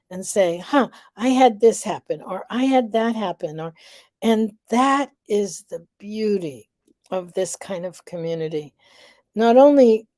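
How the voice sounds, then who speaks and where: A middle-aged woman hosting a live vlog, reflective and unhurried, a little out of breath. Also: mid-range voice, no room sound, clean studio sound. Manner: warm, reflective, unhurried with many fillers. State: slightly out of breath. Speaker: vlog host.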